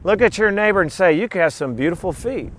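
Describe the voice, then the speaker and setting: A middle-aged man preaching a sermon, reading scripture aloud and breaking into animated, joking asides. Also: high-pitched, a little fast. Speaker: pastor.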